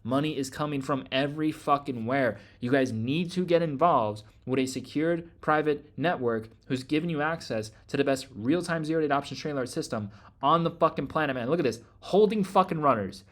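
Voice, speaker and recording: A man in a hyped promotional rant, loud and emphatic, with a somewhat high voice. He swears nearly every line and keeps tacking "man" onto his sentences as he hosts his trading group. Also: fairly quick.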